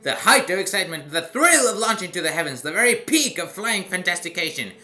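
A man's voice: sits high, big pitch swings, fairly quick, pushed and bright, voice pushed up, heavily acted. A man voicing a brash male carnival ride barker in a game, with showy salesman patter. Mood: hyped.

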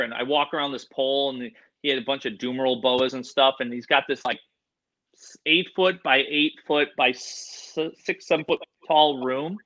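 Excitable, bright-voiced man telling stories. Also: mid-range voice, moderate pace, lo-fi sound. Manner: animated, excitable, slangy, says "dude" and "like" a lot. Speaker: animal expert guest. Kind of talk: casual storytelling in a podcast interview.

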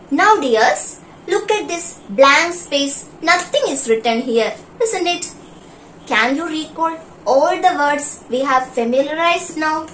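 Slow, lively-voiced woman teacher. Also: sits high. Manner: slow, deliberate, coaxing, questions to children. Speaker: primary school teacher. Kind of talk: online class, story reading and vocabulary drill. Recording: roomy and distant, faint background hum.

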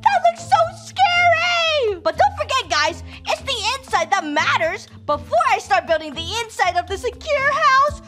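A woman voicing her own character in a kids' game role-play, squeaky and bubbly, with lots of exclaiming. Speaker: Minecraft role-play player.

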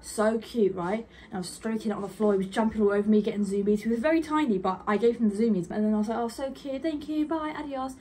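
Casting: young woman vlogger, mid-pitched and chatty, rambling with lots of fillers, faint background hum. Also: very fast, few pauses, warm tone. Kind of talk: casual vlog chat.

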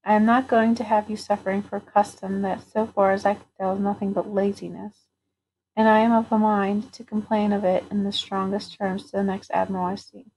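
A woman voicing a courteous, dutiful male captain in an audiobook reading, speaking formally and gently. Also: mid-range voice, little pitch movement, fairly quick, slight background noise, natural voice, low-quality recording.

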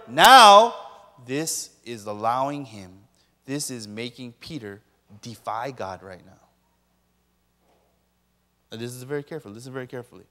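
A man's voice: high voice, fairly bright tone, long reverb tail. A man preaching a sermon as a pastor, emphatically questioning his listeners and repeating key points.

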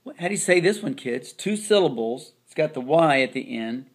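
A man teaching a phonics lesson to children, slowly sounding out each part of the words. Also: mid-range voice, expressive. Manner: slow, drawn-out sounding of word parts.

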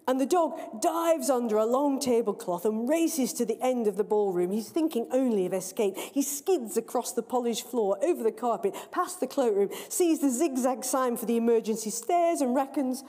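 A woman author reading her own story aloud, in a lively, playful storytelling manner, in a large library hall. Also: a little high, moderate pace, few pauses. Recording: long reverb of a large hall.

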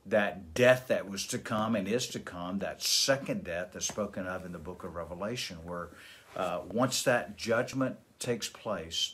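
A pastor reading a scripture passage and explaining it verse by verse, in a measured way with fillers and restarts. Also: male voice, lowish voice, a bit bright. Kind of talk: devotional Bible teaching.

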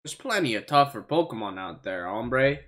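A man's voice: medium pitch, normal speed, pushed and bright, lightly acted. A man voicing a laid-back male water Pokemon from a video game, drawling and tacking slang words onto his lines.

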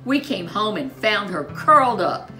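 A woman's voice: medium pitch, big pitch swings, a little slow, bright, forceful tone, faint music behind, pitched above the performer's own voice. A woman voicing an upset, indignant mother bear with a raised voice in a storybook reading.

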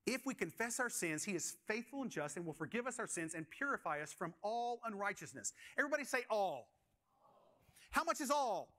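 A pastor with a high, bright voice preaches to his congregation, very animated and brisk. He relies on questions to his listeners and stories from his own past.

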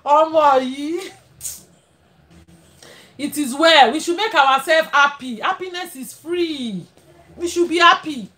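A woman's voice: high-pitched, normal speed. A Nigerian woman hosting a casual live stream, thanking viewers and blessing them. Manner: warm blessings, frequent laughter.

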